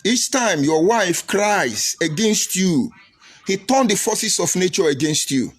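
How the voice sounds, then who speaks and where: A man's voice: high-pitched, lively intonation, slow, breathy edge. A middle-aged man, giving a preachy broadcast commentary and repeating phrases for emphasis. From Nigeria. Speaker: political commentator.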